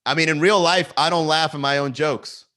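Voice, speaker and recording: A man's voice: a little high, fairly even intonation, moderate pace, bright, forceful tone. A male comedian hosting a casual livestream from his garage, riffing at a camera and laughing at his own jokes. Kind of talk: casual solo livestream chat. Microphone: talking to a camera.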